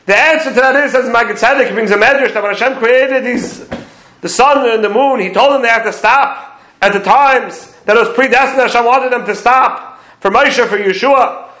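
A man's voice: very high-pitched, moderate pace, bright, forceful tone, roomy sound, poor audio. A man giving a lecture on prayer commentary, explaining sources step by step and quoting Hebrew phrases. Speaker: Torah teacher.

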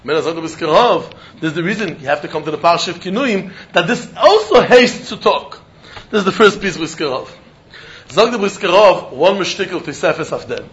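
High-voiced man giving a Talmud class. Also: fairly bright tone, dull audio. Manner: Yiddish-laced English, chanting question-and-answer. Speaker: Talmud teacher. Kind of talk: Talmud lecture.

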